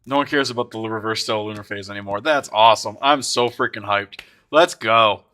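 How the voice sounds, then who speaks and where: Bright-voiced excitable male streamer. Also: on the low side, brisk. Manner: excitable, swears and shouts in bursts; talks to chat viewers by name. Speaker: streamer opening card packs. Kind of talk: live stream commentary.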